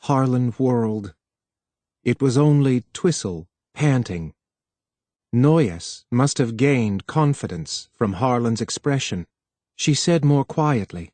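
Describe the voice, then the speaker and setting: A man reading a novel aloud as an audiobook narrator, in a steady, measured way. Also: mid-range voice, dry recording. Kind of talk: scripted narration.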